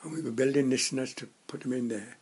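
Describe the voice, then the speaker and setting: Man, 90s, interviewee; husky, mid-pitched voice, halting and rambling delivery. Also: darkish tone. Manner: rambling, halting storyteller with many restarts. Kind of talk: reminiscing in casual conversation.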